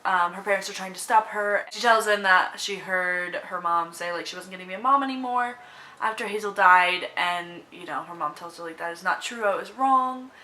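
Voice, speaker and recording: A woman's voice: medium pitch, moderate pace, pushed and bright, slight background noise, rough recording. A young woman vlogging about a movie, emotional and close to tears, gushing with lots of fillers and restarts. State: tearful, on the verge of crying. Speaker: book vlogger. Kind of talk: casual movie review vlog.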